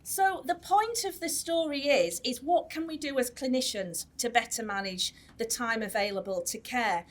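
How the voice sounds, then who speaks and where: A woman who is a nurse specialist giving a chatty conference talk, with many fillers and restarts. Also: sits high. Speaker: tissue viability nurse specialist. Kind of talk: conference presentation. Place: conference hall.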